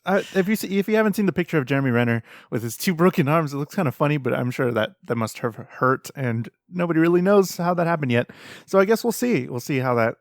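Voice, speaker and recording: A man's voice: a little high, animated, fast talker, hardly any pauses, dry recording, studio quality. A man co-hosting a podcast, talking in an easygoing, hesitant way with ums. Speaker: podcast co-host. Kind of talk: casual chat.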